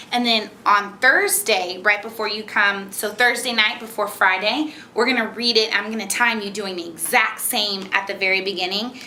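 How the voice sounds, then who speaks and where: A woman's voice: medium pitch, sharp tone, slight background noise. A woman teacher explaining a reading method step by step, patient and encouraging, and reading a children's book aloud. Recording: echoey room.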